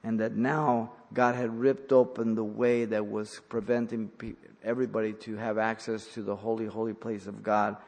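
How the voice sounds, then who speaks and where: A man preaching an expository sermon, swinging between emphatic, louder passages and quiet, low stretches. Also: gravelly. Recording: long hall reverb.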